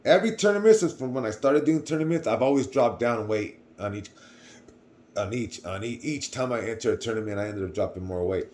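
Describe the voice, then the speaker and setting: A man's voice: mid-range voice, animated, brisk. A young man telling a personal story to camera in a casual, rambling way, often repeating himself. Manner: rambling, repeats words, swings between quiet and loud. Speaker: vlogger.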